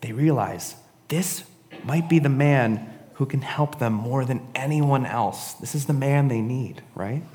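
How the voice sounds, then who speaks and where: A man's voice: medium pitch, a little slow, a little mellow, in a large hall. A man giving a casual, conversational sermon, often adding "right?" and "honestly". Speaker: preacher.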